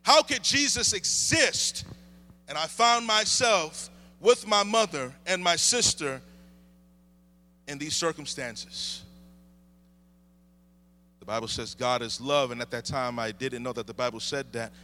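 Man preaching with bright, ringing fervor. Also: a little high, expressive, unhurried, long pauses. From United States. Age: 30s. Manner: impassioned preaching with rising emphasis and repeated refrains. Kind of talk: sermon with opening prayer.

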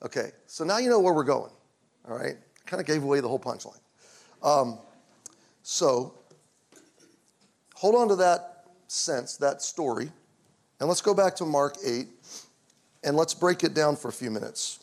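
A middle-aged male pastor telling a personal story in a conversational sermon, going quiet and low in tender moments. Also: lively intonation, unhurried, creaky, long pauses.

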